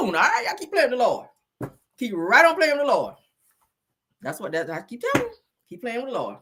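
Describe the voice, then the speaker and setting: A woman's voice: a little high, very animated, a little fast, fairly bright tone, slightly rough. A woman hosting a livestream, chatting in a sassy, joking way about gossip and talking straight to her viewers. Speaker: livestream host. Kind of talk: casual gossip commentary.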